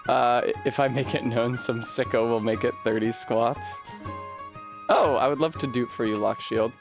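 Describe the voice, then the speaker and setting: A man's voice: mid-range voice, fairly even intonation, moderate pace, gravelly, music in the background. Chatty, laughing male streamer. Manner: casual, laughs often, swears freely. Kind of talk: casual live-stream chat while gaming.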